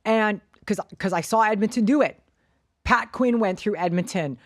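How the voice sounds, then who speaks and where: A woman's voice: mid-range voice, moderate pace, dry recording. A woman co-hosting a sports podcast, blunt and opinionated, swearing casually as she argues her points. Her voice sits in a middle range and the recording is dry and close. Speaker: podcast co-host.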